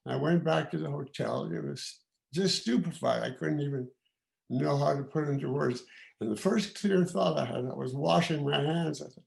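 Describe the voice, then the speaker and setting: Very gravelly-voiced man in his eighties. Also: a little high, a little mellow. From Canada. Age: 80s. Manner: halting, with many pauses and restarts; reflective and candid. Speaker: guest of honour giving remarks. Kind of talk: informal spoken remarks.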